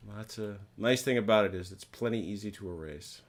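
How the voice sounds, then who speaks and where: A man's voice: on the low side, a little fast. A man running an online naval wargame as umpire, chatting casually in a folksy, playful way with jokey exclamations. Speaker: game umpire.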